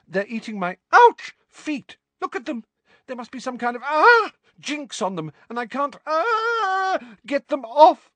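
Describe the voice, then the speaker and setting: Man putting on a panicked young wizard, very high yelping voice, frantic, dry close sound. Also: sing-song, a little slow, a bit bright, no room sound, heavily acted. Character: young male wizard hopping in pain.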